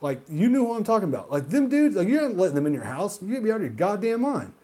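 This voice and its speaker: A man hosting a gaming video who rants heatedly and profanely, swinging between loud outbursts and muttered asides. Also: high voice, sing-song, fast, breathy edge. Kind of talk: solo rant monologue.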